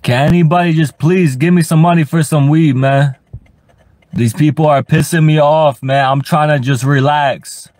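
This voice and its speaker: A man's voice: on the high side, steady tone, normal speed, darkish tone, no echo. A man rambling on a live stream from inside his parked car, talking to his chat in a frustrated, profane way and stammering over repeated words. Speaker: livestreamer.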